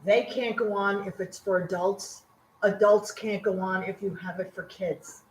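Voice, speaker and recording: An older woman talking in a quick, matter-of-fact, quiet way in a casual chat, in an echoey room with faint noise. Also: medium pitch, fairly even intonation. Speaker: wife, helper.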